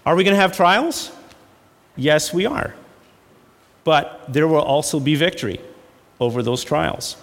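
A man delivers a sermon, hammering points home through repetition and slipping into a relaxed, folksy storytelling voice. His voice sits a little high for a man. The sound carries the long reverb of a hall. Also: unhurried, vocal fry, long pauses. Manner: emphatic, repeats phrases for effect; folksy storytelling with fillers and laughs. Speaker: pastor.

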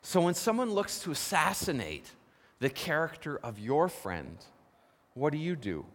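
Brief: male pastor, animated sermon delivery, higher voice, long hall reverb. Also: measured pace. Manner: lively storytelling, asks the congregation questions.

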